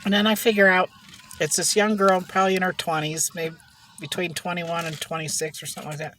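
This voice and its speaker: A woman's voice: fairly low pitch, level tone, fairly quick, a bit bright, slight background noise. A woman vlogging while she eats, telling rambling gossipy stories in casual chat from inside a car. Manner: chatty gossipy storytelling, frequent laughs. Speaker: mukbang vlogger.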